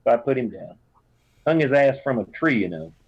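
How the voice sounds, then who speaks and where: A man's voice: mid-range voice, lively intonation, fairly quick, breathy edge. A man voicing a fierce, doting farm mother with an American Southern drawl, reading out a rambling letter home. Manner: warm, rambling, folksy drawl. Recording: dull lo-fi sound.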